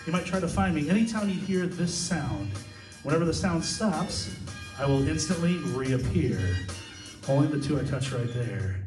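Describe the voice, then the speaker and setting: A man from Iowa working as a stage hypnotist, giving calm, repetitive suggestions to volunteers in a live show. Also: a little high, normal speed. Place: large indoor hall, school party. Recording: echoey hall from far off with music.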